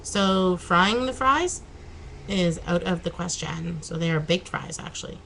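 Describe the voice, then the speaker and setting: A woman's voice: on the low side, lively intonation, a little slow, vocal fry, a bit bright, slight background noise, low-quality recording. A woman chatting casually in a home vlog, laughing and exclaiming as she talks. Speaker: vlogger. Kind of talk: casual chat.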